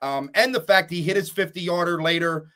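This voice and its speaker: Man, slightly high voice, casual football chat, thoughtful questions. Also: brisk, a bit bright. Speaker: podcast co-host.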